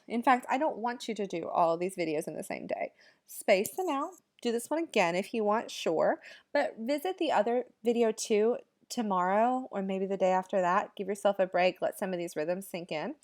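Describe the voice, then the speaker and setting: A woman teacher recording a music lesson at home, chanting rhythm syllables and talking straight to the children watching. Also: on the high side.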